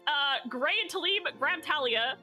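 A woman recapping a tabletop game session in casual narration, animated and laughing, often swearing and acting out quotes. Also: sits high, moderate pace, soft background music.

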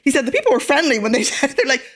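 A woman's voice: high voice, big pitch swings, rapid-fire, fairly bright tone. A middle-aged woman from Ireland with an Irish accent, a guest in a casual interview, talking reflectively with many fillers and restarts.

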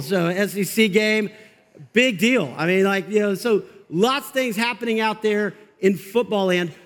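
A male pastor preaching an energetic, conversational sermon in a church, with quick asides to the congregation. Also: sits high, big-room sound. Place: church sanctuary.

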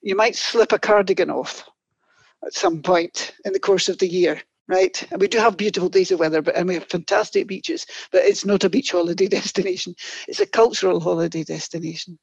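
A woman historian with a Scottish accent, telling stories in an expressive, chatty way as an interview guest. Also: on the low side, a little fast, gravelly, husky, no echo. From Scotland. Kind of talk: animated storytelling interview answers. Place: office in Orkney. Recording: dull, dry lo-fi audio.

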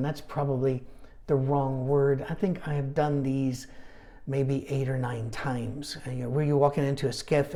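A middle-aged man leading a Bible study, talking casually and telling animated stories with asides. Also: mid-range voice. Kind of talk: conversational Bible teaching.

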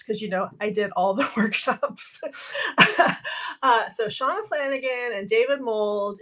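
A woman's voice: medium pitch, bright, forceful tone. A middle-aged woman co-hosting a podcast, chatting casually with frequent laughs and rambling restarts. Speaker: podcast co-host. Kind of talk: casual chat.

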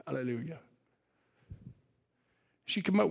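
A man preaching a sermon, storytelling and acting out biblical characters, swinging from shouts to hushed asides. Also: high-pitched, expressive, moderate pace, creaky, pauses often. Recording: long hall reverb.

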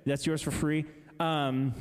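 Chatty preacher in an echoing hall. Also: male voice, a little high, flat delivery, slow pace, clean tone. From Massachusetts, raised in Indianapolis. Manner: casual, chatty, self-deprecating. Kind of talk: conference sermon with storytelling.

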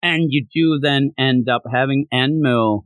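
A man co-hosting a podcast, chatting casually about a manga chapter and acting out characters' lines in quick voices. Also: mid-range voice, no echo. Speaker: podcast co-host.

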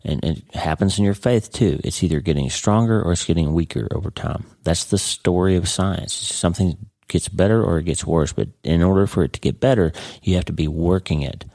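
Deep-voiced earnest male podcast host. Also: brisk, gravelly, mellow, no echo, clean studio sound. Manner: earnest, emphatic, repeats words. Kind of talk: casual spoken monologue.

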